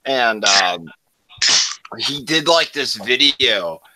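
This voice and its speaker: A man chatting casually with friends, excitable and swearing. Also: mid-range voice, extremely slow, low-quality recording. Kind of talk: casual chat.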